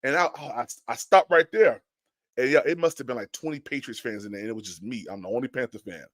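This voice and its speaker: A man hosting a fan podcast, telling stories in a lively, casual way with many restarts and greeting chat viewers. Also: mid-range voice, fast talker, no echo, studio quality. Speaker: podcast host. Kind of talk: casual live-stream chat.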